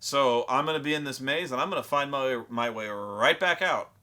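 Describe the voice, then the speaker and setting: A man's voice: mid-range voice, normal speed, sharp tone, close to an everyday voice. A man putting on the voice of a cocky teenage player who swaggers and taunts. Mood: smug. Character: cocky teenage male player bullying creatures.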